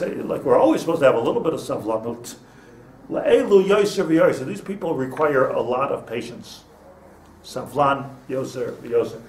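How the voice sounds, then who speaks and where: With a fairly high voice, a rabbi leads students through an informal Torah lecture, chatty and prone to restarting, Hebrew sprinkled throughout. Slight background noise and a distant mic give the room an echo.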